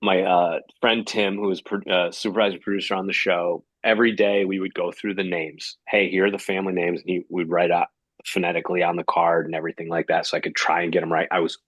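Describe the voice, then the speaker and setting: A man who hosts game shows, a guest telling a story with lively energy. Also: low-pitched, fast talker, husky, no echo. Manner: lively, acts out quotes in raised voice. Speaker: game show host, guest. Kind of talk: animated storytelling.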